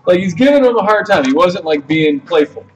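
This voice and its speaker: A man hosting a card break stream, telling a story in a casual, animated way, swearing freely. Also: sits high, fairly quick, far from the mic, muffled recording, slight background noise. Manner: animated, swearing, retells quotes in voices. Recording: off-mic voice with loud music. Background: music playing.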